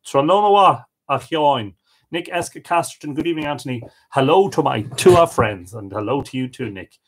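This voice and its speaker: A man's voice: a little high, animated, normal speed, breathy edge. An Irish man hosting a live stream, reading out viewer comments and greeting each person, sometimes stumbling over unfamiliar names. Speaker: host of a live storytelling stream.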